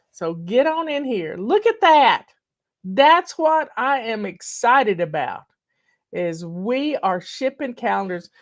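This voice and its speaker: A woman, hosting a casual live video chat in a folksy, emotional, drawling manner, teary at times. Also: mid-range voice. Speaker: host.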